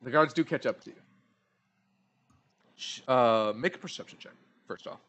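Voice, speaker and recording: A young man narrating as game master of a tabletop game, animated and laughing often. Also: medium pitch, moderate pace, dull audio.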